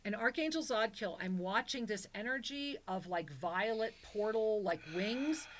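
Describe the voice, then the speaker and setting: A woman's voice: mid-range voice, animated, measured pace. A woman co-hosting a call-in spiritual talk show, speaking in a soothing, affectionate way as she gives a caller a soul reading. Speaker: co-host and spiritual teacher.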